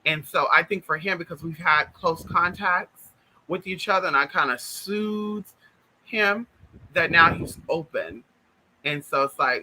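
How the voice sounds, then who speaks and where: Bright high-voiced chatty man. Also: a little slow, pauses often, rough recording. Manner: animated, chatty, addresses listeners directly. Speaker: spiritual vlogger. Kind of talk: casual spiritual storytelling.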